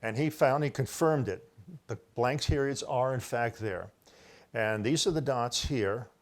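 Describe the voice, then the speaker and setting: In an unhurried, mid-range voice, an older man lectures solo to camera and holds up pages from a book. He wanders through his own research, often correcting himself while insisting the idea was his first.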